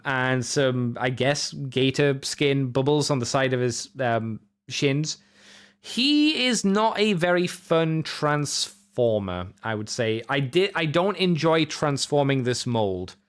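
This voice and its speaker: A man's voice: mid-range voice, lively intonation, takes it slowly, clean tone. A man hosting a podcast, chatting casually in a rambling, self-correcting way as he reviews toys. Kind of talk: casual solo review chat.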